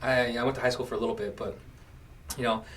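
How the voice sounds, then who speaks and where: The mic sits well away from this podcast host, a man in his late twenties whose medium-pitched voice moves fast. Chatting casually, he spins stories with lots of energy and acts out each quote.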